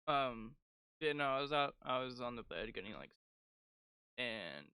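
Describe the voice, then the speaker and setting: A young man with a bright, clear, smooth voice tells animated childhood stories on a podcast, peppered with filler words. The mic is close and dry. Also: mid-range voice, a little slow, no room sound. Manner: animated storytelling with frequent "like" fillers. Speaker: podcast co-host. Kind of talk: casual chat.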